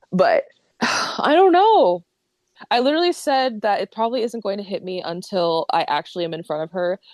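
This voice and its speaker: Excitable rambling drag king guest, dry sound. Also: on the low side, no room sound. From Ohio. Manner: excitable, rambling, self-deprecating, laughs often. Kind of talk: casual podcast interview.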